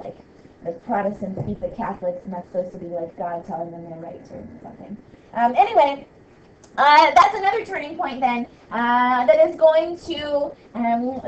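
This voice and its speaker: A woman with a fairly high, mellow voice gives a casual history lecture, thick with fillers. She sounds far from the mic in an echoey room, and the recording is dull and lo-fi. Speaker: history teacher. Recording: distant, roomy, dull lo-fi with faint hiss.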